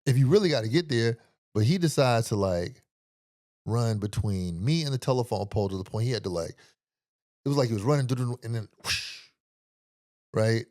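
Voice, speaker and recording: A man, hosting a podcast and telling a story in animated, profane style with vocal sound effects. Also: mid-range voice, a little fast, no room sound, clean studio sound. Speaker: podcast host. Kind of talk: storytelling commentary.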